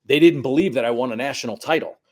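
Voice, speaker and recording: Brief: middle-aged man, soccer coach guest, lively storyteller, swears casually, mid-pitched voice. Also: fast. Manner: animated storyteller, acts out quotes, swears.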